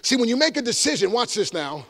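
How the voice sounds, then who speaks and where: A man, an evangelist giving an energetic motivational talk to a live audience, with shouted call-and-response. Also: extremely high pitch, quick pace. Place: large room before a live audience.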